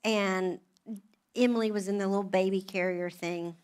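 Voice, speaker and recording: A middle-aged woman, speaking to a church moms' gathering in an animated, wry, self-deprecating storytelling way. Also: mid-range voice, normal speed, clear, resonant tone. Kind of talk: storytelling talk to a live audience.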